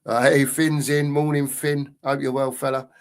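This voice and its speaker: A man's voice: mid-range voice, little pitch movement, normal speed. A middle-aged man hosting a casual live football stream, reading out chat and greeting viewers in a matey way.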